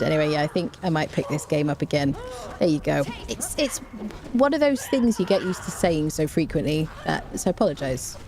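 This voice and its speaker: A woman's voice: low voice, big pitch swings, brisk, noisy background. A woman streamer giving chatty, rambling live commentary while she plays a game, often saying "there you go.".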